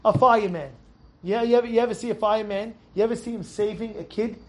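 High, animated man teaching Torah. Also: fast. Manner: animated, rhetorical questions, repeats and restarts words. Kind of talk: informal Torah lesson.

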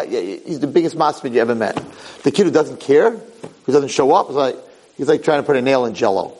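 Man, Torah lecture, animated storytelling, lively pitch. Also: slightly rough, rough recording. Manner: animated storytelling, acting out voices. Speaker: rabbi lecturer.

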